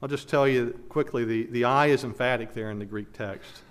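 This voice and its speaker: A man's voice: medium pitch, moderate pace, smooth. A man preaching an expository sermon as pastor, earnest and emphatic, repeating key phrases, then leading a prayer.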